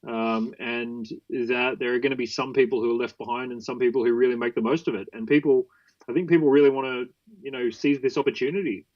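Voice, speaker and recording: Male podcast guest, animated storyteller, medium voice, slightly muffled lo-fi line. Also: medium pitch, fast. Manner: animated anecdotes with acted-out quotes. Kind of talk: storytelling interview talk.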